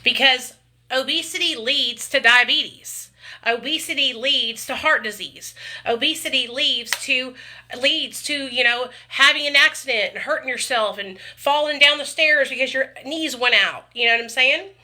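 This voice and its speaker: A woman with a drawl chats on a casual livestream, sprinkling in "y'all" and "baby" as she talks to her viewers. Her voice is very bright and sits slightly high. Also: normal speed. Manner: chatty, frequent "you guys" and "y'all", calls viewers honey and baby. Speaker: vlogger chatting with live viewers.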